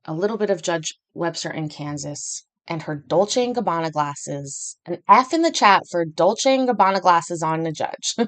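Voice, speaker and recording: A woman's voice: lowish voice, animated, moderate pace, a bit bright. A woman hosting a casual livestream from home, chatty and rambling, with self-deprecating asides. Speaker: host.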